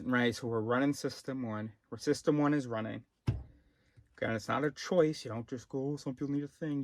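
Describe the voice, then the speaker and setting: A man talking in a rambling, casual monologue, swinging from low mumbles to sudden shouting and swearing. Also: no room sound. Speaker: vlogger.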